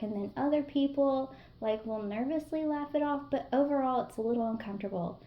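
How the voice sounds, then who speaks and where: A woman's voice: fairly high pitch, normal speed, few pauses, reverberant, dull audio. Playful woman doing a casual tarot reading. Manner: playful, teasing, chatty asides. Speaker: tarot reader. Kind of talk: casual intuitive reading to viewers.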